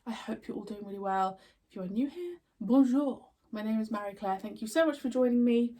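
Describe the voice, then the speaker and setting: A woman's voice: a little high, expressive, a little fast, dark tone, far from the mic. A woman in her thirties hosting a reaction video, chatty and bubbly, rambling casually. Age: 30s. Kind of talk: casual chat.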